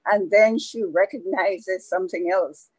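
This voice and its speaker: A woman telling a folk tale aloud in a slow, conversational way, with asides to her listeners. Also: medium pitch, a little mellow, husky, no echo, poor audio. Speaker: storyteller. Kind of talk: oral folk storytelling.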